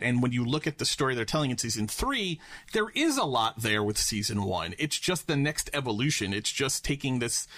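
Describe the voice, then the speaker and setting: A man's voice: medium pitch, a bit bright. Musing male podcast co-host. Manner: enthusiastic, musing, asks the panel questions. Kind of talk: casual chat.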